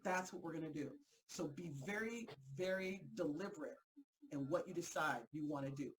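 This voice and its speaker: A woman's voice: low-pitched, poor audio. Fired-up woman coaching a group. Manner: energetic, fired-up, emphatic repetition; quick to break into laughter. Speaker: host and motivational coach. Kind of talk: motivational group talk.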